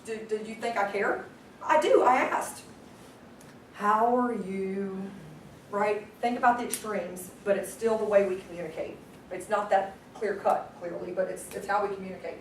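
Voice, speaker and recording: A woman leading a live sales training class, energetic and constantly quizzing her audience. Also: mid-range voice, brisk, slight background noise. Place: meeting room with a group. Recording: echoey room, distant mic.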